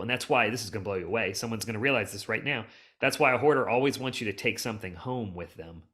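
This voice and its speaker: A middle-aged man, a hoarding cleanup expert, telling long rambling stories on a casual podcast. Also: fairly low pitch. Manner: rambling, animated storyteller who restarts and jumps around. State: emotional, close to tears.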